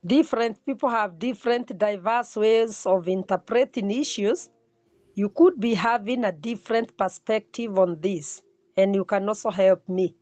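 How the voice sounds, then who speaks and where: A middle-aged woman teaching a counselling class, repeating key words slowly for emphasis. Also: mid-range voice, darkish tone, no room sound. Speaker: counselling lecturer. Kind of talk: classroom lecture.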